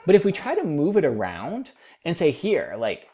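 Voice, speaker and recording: Woman instructor with a low, mellow voice for a laid-back recorded writing lesson. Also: huge pitch swings, normal speed, breathy edge. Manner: casual, explanatory, self-correcting. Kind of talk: recorded lecture over slides.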